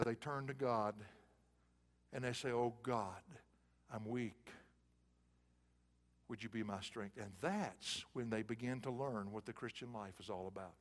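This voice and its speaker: A man preaching a sermon in an auditorium, swinging from hushed, soft passages to loud, emphatic bursts. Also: medium pitch, long reverb tail.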